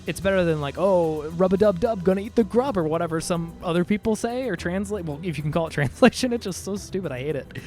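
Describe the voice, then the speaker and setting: A man streaming a game, chatting casually and joking with his viewers. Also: fairly high pitch. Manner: playful, jokey, chatty with viewers. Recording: faint music behind.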